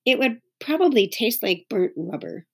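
A woman's voice: fairly high pitch, big pitch swings, normal speed, vocal fry, slightly rough, full character voice. A woman voicing a tired, firm mother in a storybook reading. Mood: stern.

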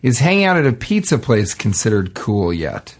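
A man's voice: medium pitch, big pitch swings, moderate pace. Laid-back man reading listener questions. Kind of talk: casual comedic chat.

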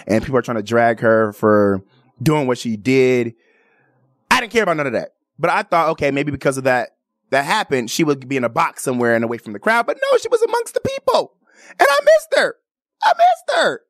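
A man, a radio host, chatting animatedly and giving shout-outs to friends and listeners. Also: mid-range voice, clean tone, no echo, studio quality. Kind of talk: casual chat.

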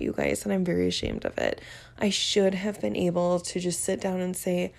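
A woman's voice: lowish voice, little pitch movement, moderate pace, creaky, a little mellow. A young woman hosting her podcast, talking openly and emotionally about her relationship and mental health, laughing now and then. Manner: open, emotional, laughs often, vivid. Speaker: podcast host. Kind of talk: candid personal talk.

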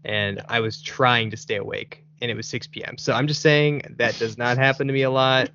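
A man's voice: mid-range voice, steady tone, fairly quick, bright, forceful tone, lo-fi sound, slight background noise. A man hosting a casual podcast chat, rambling and laughing often. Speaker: podcast host.

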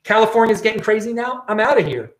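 A man's voice: high-pitched, expressive, fast. Ranting man host in an echoey room. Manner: ranting, repeats words and restarts. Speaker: show host. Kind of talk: casual political commentary.

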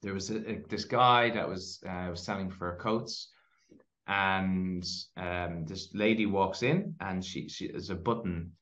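A man with a fairly low voice, speaking as a guest on a podcast. He tells stories in an animated way, with plenty of fillers. The audio sounds dull and lo-fi. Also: a little slow. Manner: animated storyteller, lots of fillers. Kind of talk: casual interview storytelling.

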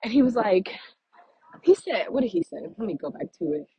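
A woman's voice: a little high, big pitch swings, fairly quick, warm tone, slightly rough, rough recording. A young woman venting casually to her followers, chatty and exasperated, with laughing asides, a little out of breath from walking outdoors. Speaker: vlogger. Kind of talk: casual vent to camera.

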